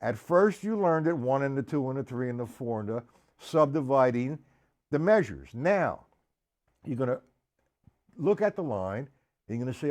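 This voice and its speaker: A man's voice: mid-range voice, sing-song, moderate pace, pauses often. A man teaching a live-streamed drum lesson, explaining patiently, calling viewers by name and counting beats aloud. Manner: counts loudly over his own drumming. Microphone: live stream setup. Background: drums playing.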